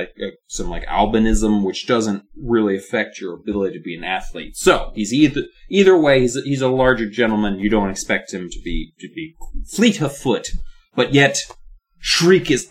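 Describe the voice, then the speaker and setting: A man recapping a kids' horror book in a rambling, joking way with lots of asides. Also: mid-range voice. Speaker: podcast co-host.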